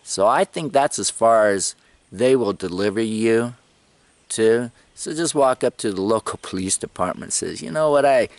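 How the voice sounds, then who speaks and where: A man's voice: on the low side, animated, moderate pace, no room sound. A middle-aged man in a casual travel vlog, rambling and chuckling as he tells stories. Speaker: travel vlogger.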